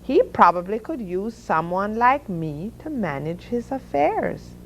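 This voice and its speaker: A woman's voice: medium pitch, big pitch swings, measured pace, a little hiss or hum, poor audio. A woman doing a cocky little schemer. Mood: smug.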